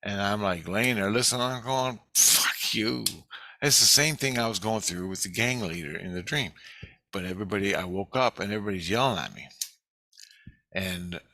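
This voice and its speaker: Low-voiced man, tense bright edge, dry close sound, profane rambling monologue. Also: no echo. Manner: profane, rambling, halting restarts. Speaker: storyteller recounting a dream.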